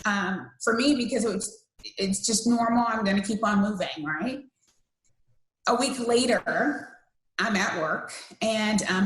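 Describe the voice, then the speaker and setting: A woman in her thirties from the United States, earnestly telling a personal story as a podcast interview guest, with many fillers and restarts. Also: a little high. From USA. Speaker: interview guest, cancer survivor. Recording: roomy echo.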